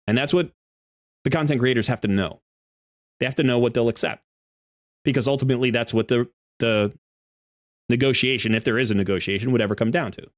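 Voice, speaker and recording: Man, live stream commentary, argumentative, explains step by step, middle pitch, dry sound. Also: lively intonation, fairly quick, no echo. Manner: argumentative, explains with worked examples. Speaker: game streamer.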